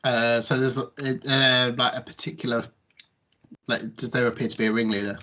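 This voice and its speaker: A man's voice: mid-range voice, level tone, moderate pace, pushed and bright. Hesitant man playing a tabletop game. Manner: hesitant, describing his character's actions. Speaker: player. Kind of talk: casual tabletop play. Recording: dull lo-fi audio.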